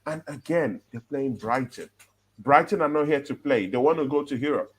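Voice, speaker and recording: A man's voice: mid-range voice, moderate pace. A man co-hosting a football chat show, talking casually and with lots of energy, often checking in with "yeah?" and "right?" and breaking into laughs. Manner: animated, laughing, walks through his argument with "yeah?" and "right?". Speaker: football podcast co-host.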